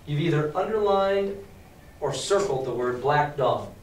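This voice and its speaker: A male teacher reading a novel aloud to a class and explaining it in a lively, emphatic way. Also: a little high, measured pace, a little hiss or hum. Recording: echoey classroom from far off.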